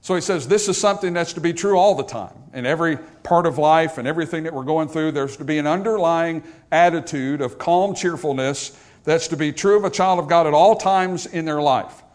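A pastor giving a funeral sermon, telling a story and explaining scripture in a conversational way. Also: male voice, on the high side, brisk, a little mellow.

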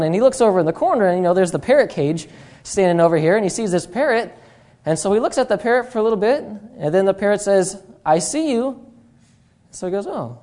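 Male preacher, mellow voice, rambling delivery, lots of fillers, humorous asides, evening church service. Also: high-pitched. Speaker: guest preacher.

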